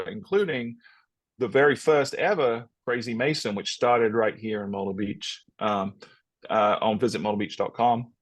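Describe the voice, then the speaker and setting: A man's voice: medium pitch, no echo. A man co-hosting a podcast, talking casually and upbeat, often repeating words as he restarts. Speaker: podcast co-host.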